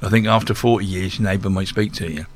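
A man's voice: fairly low pitch, fairly even intonation, quick pace. A man in his sixties with a Norfolk accent, telling wry stories about local life in a radio studio. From Norfolk, England. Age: 60s.

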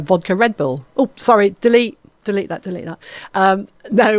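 A woman hosting a local radio show in casual chat, rambling with fillers and quick self-corrections. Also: on the low side, no echo. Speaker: radio presenter. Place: radio studio.

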